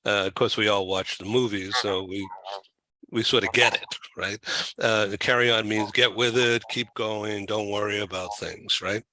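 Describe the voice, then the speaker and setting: A man hosting an interview, asking questions in a halting way with many fillers and restarts. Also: fairly low pitch, fairly even intonation, bright, forceful tone, low-quality recording. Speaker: talk show host.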